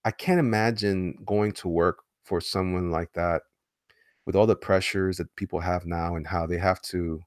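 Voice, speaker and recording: Low-voiced man chatting casually on a stream. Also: fairly even intonation, normal speed, no echo, clean studio sound. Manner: rambling, with frequent restarts. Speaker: comic artist streaming and reading chat. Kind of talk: casual live-stream chat.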